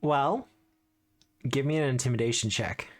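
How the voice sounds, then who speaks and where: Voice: mid-range voice, normal speed. A game master running a tabletop game, easygoing and affirming the players.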